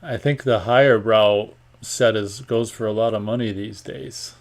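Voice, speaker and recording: A man hosting a live online show, chatting casually and reading viewer comments aloud in a rambling, offhand way, often clearing his throat. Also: lowish voice, steady tone, unhurried. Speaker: host of a live online radio stream.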